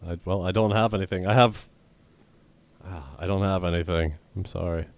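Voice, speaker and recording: A young man co-hosting a comedy podcast, rambling in deadpan, crude banter. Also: sits low, moderate pace, no echo. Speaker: podcast co-host.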